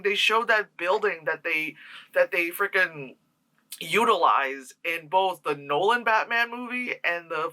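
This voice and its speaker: Casual vlog reviewer with a bright, sharp voice who rambles and swears. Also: medium pitch. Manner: rambling, profane, sarcastic, laughs often. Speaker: movie reviewer.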